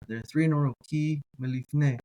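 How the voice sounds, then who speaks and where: A man teaching a slow reading lesson in Hebrew, repeating each word several times and correcting himself as he goes. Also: a little high, fairly even intonation, dark tone. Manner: careful, self-correcting.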